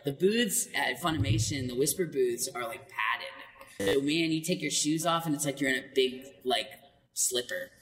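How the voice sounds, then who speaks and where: A man voice actor with a light, high voice, chatting animatedly in an interview and laughing between quick asides. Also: fairly bright tone, long reverb tail, a little hiss or hum, poor audio. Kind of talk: casual interview storytelling.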